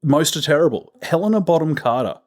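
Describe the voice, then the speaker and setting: A man's voice: fairly high pitch, lively intonation, fast, a little mellow. An Australian man co-hosting a film podcast, making dry, sardonic jokes in casual banter. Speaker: podcast co-host. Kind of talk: casual film-review chat.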